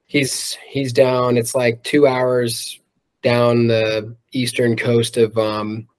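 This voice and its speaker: A man's voice: mid-range voice, little pitch movement, takes it slowly. A man who sings in a rock band, chatting loosely in an interview, swearing freely and filling his talk with "um" and "like". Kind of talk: casual interview chat.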